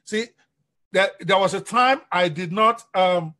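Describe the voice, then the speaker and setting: A man giving an energetic live-stream business coaching talk, often asking his audience questions. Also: sits high, unhurried.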